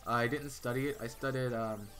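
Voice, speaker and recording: A bright, forceful male voice chatting loosely with his live chat as he plays a game. He rambles through stories and answers viewers, stumbling over restarts and fillers. Faint music plays underneath. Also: medium pitch, steady tone, brisk. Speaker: streamer. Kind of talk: casual live-stream chat.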